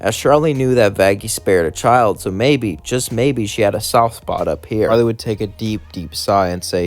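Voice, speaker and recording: A man's voice: on the low side, moderate pace, few pauses. Male narrator, casual and rambling fan storytelling, light music underneath. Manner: casual, loose, keeps saying "would say".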